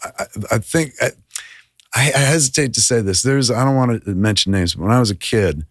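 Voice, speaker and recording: A filmmaker in casual podcast chat, an animated storyteller who swears often and acts out quotes. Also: male voice, medium pitch, a little fast, no echo, clean studio sound. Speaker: filmmaker guest.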